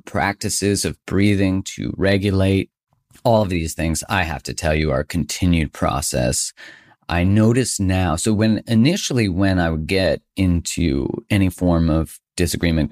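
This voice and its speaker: A man's voice: sits low, normal speed, a little mellow. A man hosting his own podcast, talking in a chatty, self-joking way and laughing often. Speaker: podcast host. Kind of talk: casual podcast monologue.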